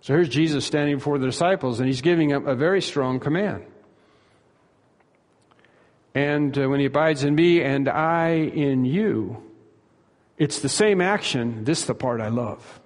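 A man preaching a sermon, emphatic, repeating key phrases and slowing down to stress them. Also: fairly high pitch. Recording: long hall reverb.

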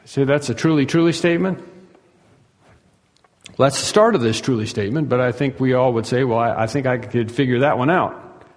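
A man's voice: mid-range voice, fairly quick, pauses often. Emphatic preacher man, hall reverb. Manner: emphatic, swings between soaring and hushed. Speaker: pastor. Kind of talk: sermon.

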